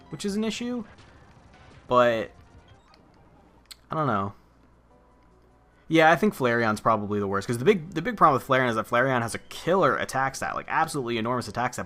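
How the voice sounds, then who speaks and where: Bright-voiced young man playing a game. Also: mid-range voice. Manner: rambling and offhand, swears casually. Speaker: let's play gamer. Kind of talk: casual gameplay commentary.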